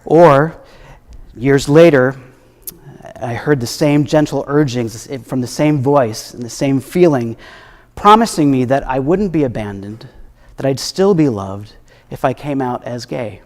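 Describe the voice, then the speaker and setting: A man preaching a sermon as minister, reflective and gently humorous, his voice at times dropping soft. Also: medium pitch, moderate pace. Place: church sanctuary. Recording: echoey hall with long reverb.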